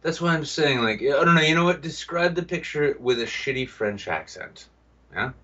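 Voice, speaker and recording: Male podcast co-host, husky voice with lively pitch, casual and teasing; distant mic, dull lo-fi sound. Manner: joking, teasing, quick voice switches for quoted bits. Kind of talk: casual live-stream banter.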